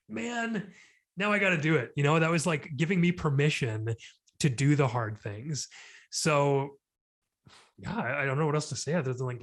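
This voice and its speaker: A man as a podcast guest, talking earnestly and introspectively about hard times, with many filler "like"s. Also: medium pitch. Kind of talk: reflective conversation.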